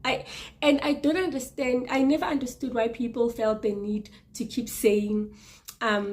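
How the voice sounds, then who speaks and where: A woman in her thirties sharing a personal testimony in an earnest, halting way, with restarts and repeated words for emphasis. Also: fairly high pitch, darkish tone. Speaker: vlogger sharing personal experience.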